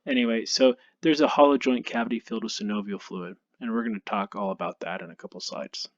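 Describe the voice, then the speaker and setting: A male anatomy instructor giving a recorded lecture over slides, relaxed and self-deprecating, thinking aloud with frequent ums. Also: fairly low pitch, fast, dry recording, muffled recording. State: tired, yawning.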